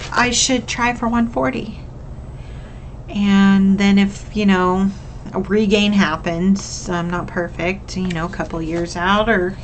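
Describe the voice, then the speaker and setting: Chatty young woman vlogging, slow and candid. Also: medium pitch, a little hiss or hum, low-quality recording. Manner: candid, upbeat, emotional at times, says "y'all". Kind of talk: casual talk to camera.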